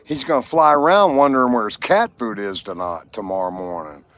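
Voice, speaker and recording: A man talks casually on a livestream, greeting viewers and telling jokes at a relaxed, easygoing pace. His pitch sits in the middle of the range, and his delivery is loose and playful. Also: a little fast. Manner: chatty, jokey, talks to viewers. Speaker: livestream host.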